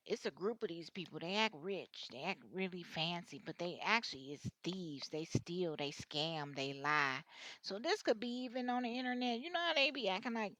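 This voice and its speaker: A woman's voice: on the low side, expressive, moderate pace, a bit bright, no echo. Blunt, cussing woman reading tarot. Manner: blunt, slangy and openly vulgar; rambling, with frequent restarts. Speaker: tarot reader. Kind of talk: casual tarot reading monologue.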